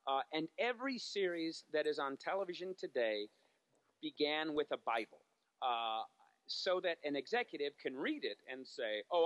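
Guy telling animation writing stories, kinda high voice, lots of uhs and ums. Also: dry recording. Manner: animated storytelling with many fillers and restarts. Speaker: guest, TV animation writer. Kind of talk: casual interview chat.

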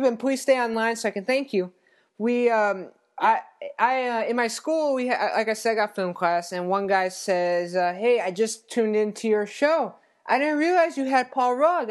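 A man hosting a casual podcast, chatty and halting with frequent fillers. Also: very high-pitched. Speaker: podcast host.

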